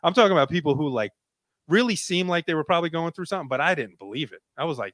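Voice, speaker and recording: A man's voice: fairly high pitch, lively intonation, fast, a bit bright, no echo. A man in his late thirties, a guest telling an emotional personal story in a casual, rambling way with many fillers. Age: 30s.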